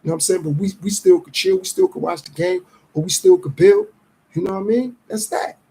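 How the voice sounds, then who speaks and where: A man's voice: high-pitched, mellow, breathy edge, low-quality recording. A middle-aged man hosting a podcast, reflecting in a streetwise, casual monologue. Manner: reflective, streetwise, acts out others' lines in quick voices. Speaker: podcast host.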